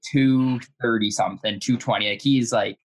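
A man's voice: medium pitch, fairly even intonation, moderate pace, breathy edge. A young man who is a guest on a podcast, telling a story in a casual, hesitant way with many fillers.

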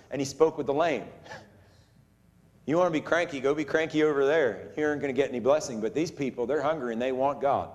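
Male preacher, animated sermon delivery with acted-out voices, slightly higher voice, reverberant hall. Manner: animated, acts out voices of the crowd.

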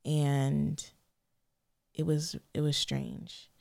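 A young woman with a low, gravelly voice talks in a casual podcast chat. She is emotional and hesitant, close to tears, and often searches for words. The sound is dry and close. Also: flat delivery, extremely slow, a little mellow, dry recording. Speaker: podcast co-host.

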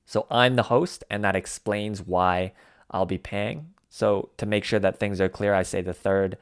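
A man explaining the lines of a dialogue in a measured, methodical way. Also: lowish voice, steady tone, clear, resonant tone. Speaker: language teacher.

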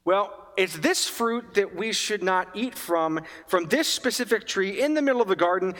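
A man giving a conversational homily as a priest, animated and often asking his listeners questions. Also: high voice, moderate pace, big-room sound.

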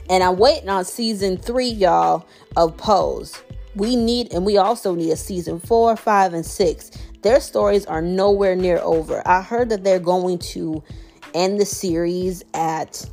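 A woman with a fairly low voice hosts a casual commentary show. She reads headlines briskly and then turns effusive and heartfelt. Soft music plays faintly behind her. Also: gravelly. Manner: effusive, emotional, shouting people out. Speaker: podcast host. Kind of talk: casual commentary, reading news aloud.

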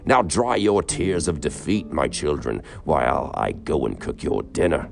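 A playful storybook dad putting on theatrical, mock-grand airs, as a narrator plays him. The voice is loud and deep, with a rasp in it. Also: male voice, expressive, unhurried, exaggerated voice.

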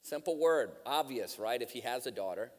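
A man's voice: medium pitch, lively intonation, normal speed, in a large hall. A man preaching a sermon, telling stories and then urging his listeners with rising fervor. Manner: storytelling, building to fervent exhortation. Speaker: guest preacher. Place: church sanctuary.

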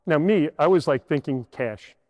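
A man's voice: on the high side, normal speed, a little mellow, no room sound, in a large hall, muffled recording. A man in his sixties, a priest, telling a story in a homily to children and asking them rhetorical questions. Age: 60s. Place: church.

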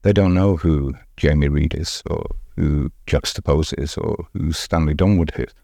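A man's voice: rumbling low, steady tone, unhurried, creaky, dark tone, no room sound, clean studio sound. A middle-aged man, answering in a podcast interview, emphatic and often repeating words as he restarts. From England. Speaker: street art festival founder.

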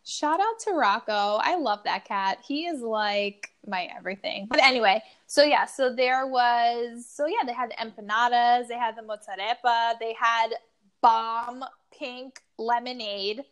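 A woman co-hosts a casual podcast and tells stories in a chatty, animated way. She leans on "like" fillers often. Her voice sits a bit higher than most. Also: a little slow, clean tone. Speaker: podcast co-host. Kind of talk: casual chat.

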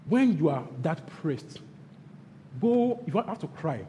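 A Nigerian-accented man preaches a sermon, his fairly high, mellow voice leaping between loud bursts and hushed asides. He hammers phrases over and over. The sound rings with long hall reverb over faint ambience. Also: expressive, a little slow, a little hiss or hum. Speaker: pastor.

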